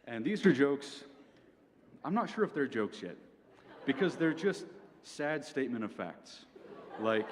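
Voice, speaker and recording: A man's voice: medium pitch, big pitch swings, measured pace, long pauses. A young man performs a stand-up set like a mock lecture, dry and methodical, tossing in "okay?" between points. His mid-range voice carries a long hall reverb with a faint hum of ambience behind it. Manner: dry, lecture-like delivery with frequent "okay?" asides. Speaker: stand-up comedian. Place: university venue with audience.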